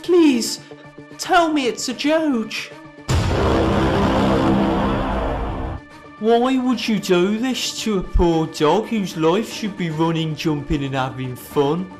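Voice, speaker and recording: A man voicing indignant online commenters in an attempted Birmingham accent, loud and scolding. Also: sits high, lively intonation, takes it slowly, over loud music, voice pushed up. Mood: outraged. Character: outraged indignant Facebook commenters, adult.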